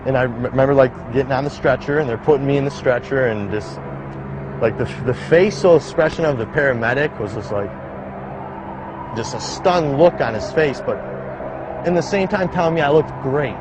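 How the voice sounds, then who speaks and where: A young man recounting a personal survival story in a casual, halting way, with many "like" fillers. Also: medium pitch, background noise. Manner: casual, halting, heavy use of "like". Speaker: survivor telling his story. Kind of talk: documentary-style personal account. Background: background music.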